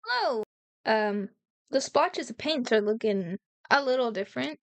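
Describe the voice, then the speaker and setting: A talkative woman with a fairly high voice chats to her viewers as she paints, poking fun at herself along the way. The sound is close and dry, with almost no room around it. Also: normal speed, no echo. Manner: chatty, self-mocking, talks to viewers. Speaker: art vlogger. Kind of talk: casual chat while painting. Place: indoors, sitting on the floor.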